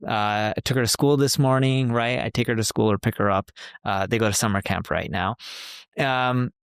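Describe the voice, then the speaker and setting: A man's voice: on the low side, moderate pace, clean tone, no echo, clean studio sound. A man in his forties co-hosting a podcast, telling a personal story in casual, conversational chat and quoting the people he talks about. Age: 40s. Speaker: podcast co-host.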